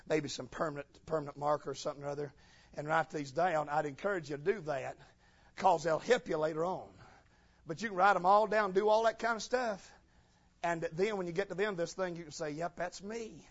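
A man preaching a folksy sermon, swinging from shouted passages to low, quiet talk. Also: muffled recording.

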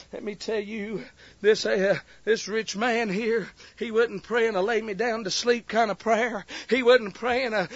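High-voiced, fiery preacher man. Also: vocal fry, no room sound, muffled recording. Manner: builds from low earnest talk to crying shouts, many fillers. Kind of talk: fiery revival sermon.

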